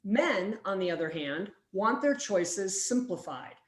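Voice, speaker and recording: Woman giving a keynote talk, mid pitch, lively storytelling, roomy echo. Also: unhurried. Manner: lively, acts out quoted dialogue. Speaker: keynote speaker. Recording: roomy, echoey hall.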